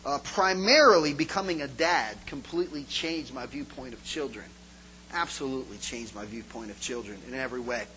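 Man, pastor, informal sermon, animated storyteller, bright voice. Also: on the high side, slight background noise, low-quality recording. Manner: animated storytelling, acts out scenes.

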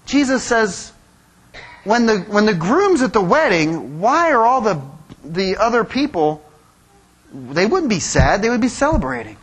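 A man preaching to his congregation in a high, husky voice. His pitch swings widely as he acts out quoted voices and slips in joking asides. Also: sing-song, unhurried, a bit bright. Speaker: pastor. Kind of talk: sermon.

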